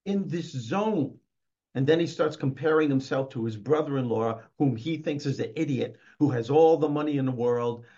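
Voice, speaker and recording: Lively guy telling a story as a guest, acts out scenes, mid-pitched voice, muffled lo-fi audio. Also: moderate pace. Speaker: author and motivational speaker guest. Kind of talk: animated interview storytelling.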